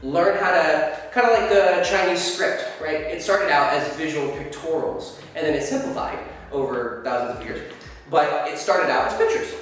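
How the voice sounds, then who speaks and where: With a slightly high, fairly bright voice at a moderate pace, a male dating coach instructs viewers to camera, swearing freely and acting out his examples. The recording sounds distant, in an echoey hall.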